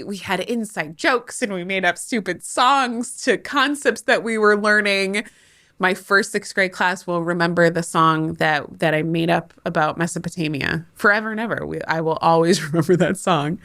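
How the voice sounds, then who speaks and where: A woman talks into a close mic in a dry, deadened room, her voice sitting slightly low and her pace slow and deliberate. She hosts a podcast and speaks candidly as a former teacher. Her tone is heartfelt and self-deprecating, with frequent laughs at herself. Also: fairly bright tone, dry recording. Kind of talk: candid monologue.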